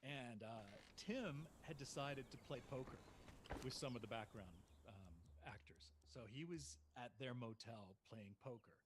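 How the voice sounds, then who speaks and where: A man's voice: mid-range voice, unhurried, background noise. A middle-aged man telling a long anecdote as a guest, laughing and acting out what people said. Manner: lively, laughing, acts out quotes, shouts in bursts. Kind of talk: animated anecdote storytelling.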